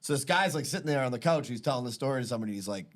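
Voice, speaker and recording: A man's voice: mid-range voice, lively intonation, racing. A man hosting a casual podcast, telling a rambling, profane story and laughing along with it. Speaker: podcast host.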